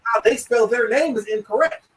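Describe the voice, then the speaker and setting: A man's voice: very high voice, moderate pace, recorded from a distance, rough recording. A man telling stories in casual chat, acting out quotes and laughing often.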